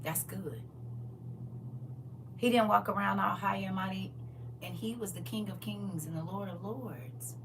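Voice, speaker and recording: A middle-aged woman preaching a lively sermon to a congregation. She swings between soft asides and loud bursts and acts out the people she quotes. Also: medium pitch, unhurried, gravelly, long pauses. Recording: distant mic with faint hum.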